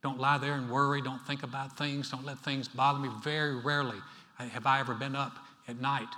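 A male pastor preaching a sermon in a church, talking in a conversational, animated way with playful asides. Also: medium pitch, a little fast. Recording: reverberant hall.

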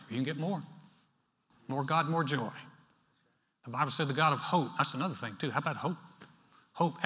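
A male pastor preaching a sermon in a church, talking in a conversational, animated way with playful asides. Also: mid-range voice. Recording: reverberant hall.

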